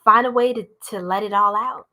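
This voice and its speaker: A woman's voice: mid-range voice, brisk, sharp tone, a little hiss or hum. A young woman, doing a live tarot reading in a playful, goofy, slangy way and laughing often. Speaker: tarot reader.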